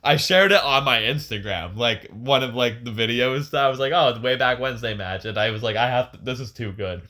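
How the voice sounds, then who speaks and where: A young man co-hosting a podcast, telling a story in casual, profane, animated chat with frequent laughs. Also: mid-range voice, a little fast. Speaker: podcast co-host. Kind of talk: casual chat, retelling a match.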